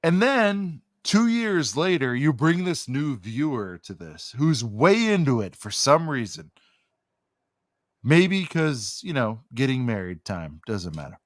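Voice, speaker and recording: A man's voice: mid-range voice, very animated, takes it slowly, no room sound, studio quality. A man co-hosting a casual podcast, telling a profane, ranting story. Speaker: podcast co-host.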